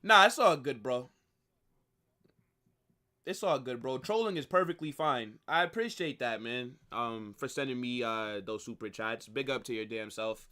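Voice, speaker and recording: Young lad, bright sharp voice, frustrated watch-along host venting. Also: male voice, medium pitch, normal speed. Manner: frustrated, ranting, repetitive. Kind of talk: live football watch-along reaction.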